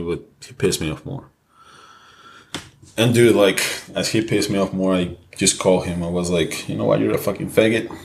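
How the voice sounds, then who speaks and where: A young man with a very deep, low voice tells a personal story on a casual podcast. He speaks candidly and with feeling, cursing freely as the memory builds. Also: slight background noise. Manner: candid, emotional personal storytelling with frequent swearing. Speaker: podcast co-host.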